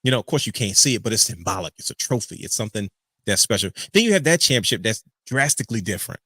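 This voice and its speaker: A man hosting a casual podcast chat, animated and joking as he rants. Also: on the low side, fast, breathy edge, no room sound. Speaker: podcast host.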